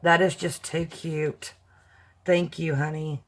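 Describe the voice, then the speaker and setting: A woman vlogger chatting warmly to her viewers as she opens handmade gifts, gushing and tender as she talks straight to them. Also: sits low, level tone, slow. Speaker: crafting vlogger opening fan mail. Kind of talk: casual chat to camera.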